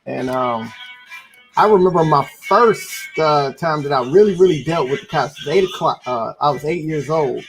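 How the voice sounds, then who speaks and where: Gravelly man in his fifties from Texas. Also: on the high side, expressive, moderate pace, soft background music, poor audio. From San Antonio, Texas. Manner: laid-back, conversational. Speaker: podcast co-host. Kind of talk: casual group discussion.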